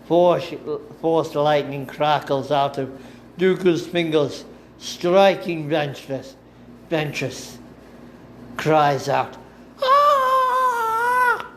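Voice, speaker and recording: A man narrating a first-person story in a deliberate amateur reading, sometimes correcting himself. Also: a little high, slight background noise. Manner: slow, deliberate reading with occasional self-corrections.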